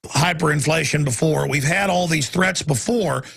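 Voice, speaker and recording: Gravelly ranting talk show host. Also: male voice, a little high, moderate pace. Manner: angry, shouting in bursts, then weary and apologetic. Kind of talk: ranting monologue.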